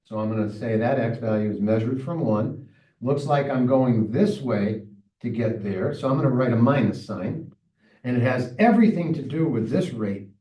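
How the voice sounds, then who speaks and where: A man's voice: medium pitch, lively intonation, normal speed, dark tone. A male math teacher working through problems aloud in a recorded lesson, chatty and talking to himself as he solves. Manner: thinking aloud, chatty and self-talking while solving. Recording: echoey room, mic far off.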